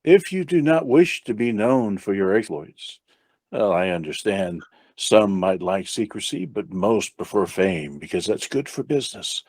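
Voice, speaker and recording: A man playing a smooth, courteous negotiator. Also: sing-song, unhurried, a little mellow, no room sound, full character voice. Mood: earnest. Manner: courteous, formal sales pitch. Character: smooth-talking male negotiator, polite and earnest.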